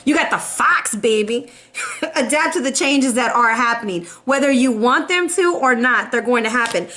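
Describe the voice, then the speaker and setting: Woman, young adult, high-pitched, casual tarot reading, animated, sassy. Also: normal speed. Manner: animated and sassy, laughs often, playful. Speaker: tarot reader.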